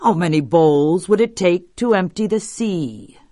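A woman voicing a huge, fierce male goblin from folklore, speaking gruffly, slowly and stubbornly. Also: lowish voice, lively intonation, mellow, dry recording, clean studio sound. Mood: puzzling.

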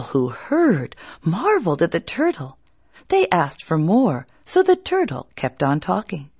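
Woman, folk tale storyteller, slow, lively pitch, lowish voice. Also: husky. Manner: expressive, drawn-out, hushed at suspense.

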